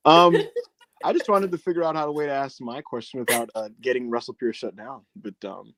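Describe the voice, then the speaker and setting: A man's voice: medium pitch, a little fast, a crowd in the background. A man co-hosting a casual podcast, telling a wrestling story with feeling, swearing and acting out the quotes. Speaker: podcast co-host.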